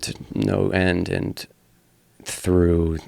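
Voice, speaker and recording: A man's voice: low-pitched, flat delivery, drawn-out words, gravelly, darkish tone, no echo. A man in his thirties, a fighter and podcast guest, telling his personal story in an earnest, blunt way with some swearing.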